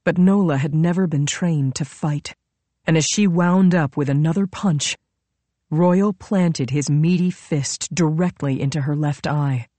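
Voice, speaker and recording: A woman narrating a story in a measured, dramatic way on a close mic. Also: deep voice, mellow, dry recording. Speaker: audiobook narrator. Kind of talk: scripted narration.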